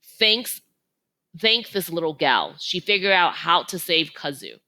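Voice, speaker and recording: A wry, loyal dog with an easygoing, protective manner talks in a lively, bright voice, as a woman reads his lines. He keeps things light amid the trouble in this storybook. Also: lowish voice, measured pace, exaggerated voice.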